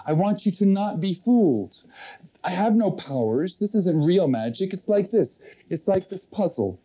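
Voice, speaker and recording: A man's voice: fairly high pitch, dark tone. A man leading a motivational seminar, telling a personal story in an earnest way and speaking directly to a live audience. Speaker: seminar leader.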